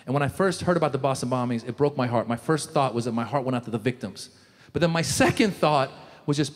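A man doing a stand-up comedy set, animated, breaking into loud shouted character voices. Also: mid-range voice, fast. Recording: reverberant hall, faint room noise.

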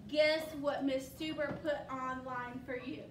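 A woman's voice: sits high, fairly even intonation, a little slow, a little hiss or hum. Female classroom teacher, encouraging and patient, recorded far off in a roomy space. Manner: patient, encouraging, call-and-response questioning. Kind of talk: classroom phonics lesson.

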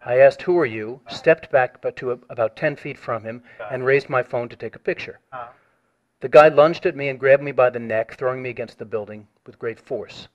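A man reading out a written complaint on a phone call, measured and formal, turning insistent when pressed. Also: mid-range voice, steady tone. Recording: dull lo-fi audio.

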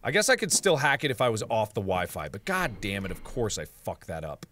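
A man in his twenties commentating as he plays a game, swearing in frustration and repeating phrases over and over, swinging from muttering under his breath to loud yelling. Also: fairly low pitch, huge pitch swings, brisk, a little hiss or hum. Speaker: gaming video host. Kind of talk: let's play commentary.

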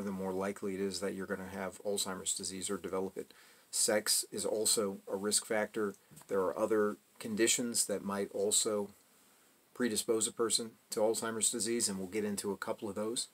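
Measured man explaining with caveats. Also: lowish voice. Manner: measured, careful, adds caveats and self-corrections. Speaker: channel host. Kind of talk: explanatory talk to camera.

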